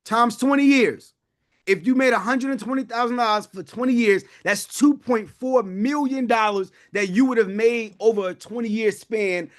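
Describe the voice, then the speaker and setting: A man hosting a live online wealth class, fervent and preachy, calling out to his viewers. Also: high-pitched. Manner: fervent, preachy, calls out to the audience. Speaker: wealth-building webinar host. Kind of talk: live online sales pitch.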